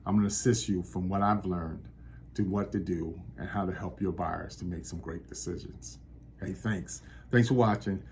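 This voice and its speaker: Man from New York, low voice, motivational vlog pep talk, preacher-like cadence, faint noise in the background. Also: steady tone, normal speed, vocal fry, darkish tone. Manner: encouraging, preacher-like exhortation. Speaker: real estate agent vlogger.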